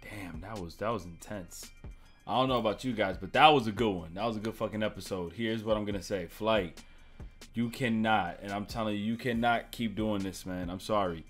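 Low-voiced man hosting a reaction video. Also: a little fast, faint music behind. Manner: loose, profane, joking. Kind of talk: casual commentary.

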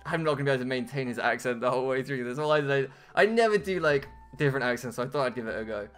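A man's voice: mid-range voice, very fast, fairly bright tone, clean tone. A young man chatting self-mockingly as host of a video game playthrough. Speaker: let's play host. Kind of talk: casual gameplay commentary. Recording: game music behind.

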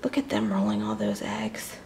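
A young woman reading a picture book aloud to children, with chatty, animated asides to her little listeners. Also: very deep voice, normal speed. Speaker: children's storybook reader.

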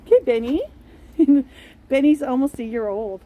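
A woman vlogging at home with her pets, chattering in sing-song baby talk and cheering them on with excited calls. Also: high-pitched, moderate pace, phone-quality sound, a little hiss or hum. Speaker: pet vlogger. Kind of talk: casual home vlog. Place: home with pets, partly outdoors in snow.

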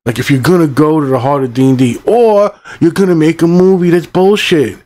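Man, middle-aged, profane angry rant, rambling, higher voice. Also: fairly quick, dark tone. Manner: angry, swearing constantly, rambling. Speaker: channel host reviewing a movie. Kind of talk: profane ranting movie review.

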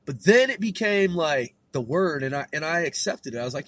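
A man's voice: on the high side, expressive, a little fast, few pauses, fairly bright tone, no echo. A man hosting a podcast, talking casually in a laid-back, slangy way, swearing a lot and laughing often. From California. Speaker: podcast host. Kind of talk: casual profane monologue.

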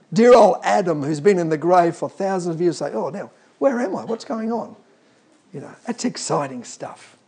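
A man's voice: high voice, warm tone, husky. A man preaching a sermon, emphatic and calling out to the congregation.

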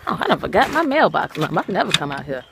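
A spirited, dramatic woman vlogging at home, chatting casually and cooing softly to her babies. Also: fairly low pitch, sing-song, quick pace, vocal fry, noisy background. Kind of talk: casual home vlog chat. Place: at home and out in the snow.

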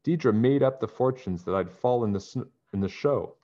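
A man voicing an excitable, chatty young girl who startles easily, on a dull lo-fi recording. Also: medium pitch, moderate pace, voice pushed up, close to an everyday voice. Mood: excited.

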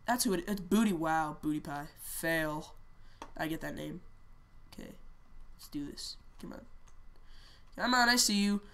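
A woman giving casual, excitable commentary while playing a shooter game, often shouting and repeating words in quick bursts. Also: low voice. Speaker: gamer.

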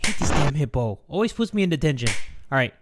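Excitable, shouty male gamer. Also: on the high side, fast, heavy background noise. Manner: excitable, shouty, profane banter at the game. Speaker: gaming YouTuber. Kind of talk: let's-play commentary.

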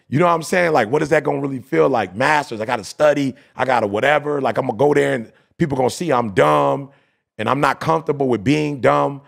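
Gravelly man telling a story. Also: mid-range voice, fast talker. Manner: storytelling, animated, slangy, quotes others. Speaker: podcast host. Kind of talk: casual podcast chat.

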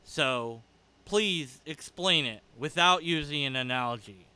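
Bright, crisp man, sarcastic debater. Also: on the high side, measured pace. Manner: sarcastic, argumentative, with laughs. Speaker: video creator responding to a critic. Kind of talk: casual commentary rebuttal.

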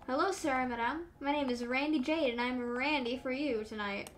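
A woman's voice: sits high, normal speed, soft background music, lightly acted. A woman voicing a downtrodden young male phone operator in a game, hesitant and self-deprecating. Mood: weary.

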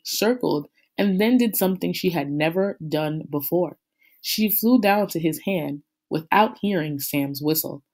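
A woman teacher reading a novel chapter aloud to her class, in a steady, unhurried storytelling manner. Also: fairly low pitch.

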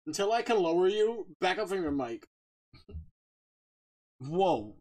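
A man streaming a game live, chatting casually, reading out viewer shout-outs, joking and laughing often. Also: sits high, slow. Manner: bursts of loud excited talk.

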